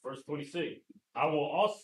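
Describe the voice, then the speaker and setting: Man, slightly high voice, casual scripture co-host, conversational fillers, echoey room off-mic. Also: moderate pace. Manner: loose and conversational, with filler phrases. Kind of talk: casual discussion.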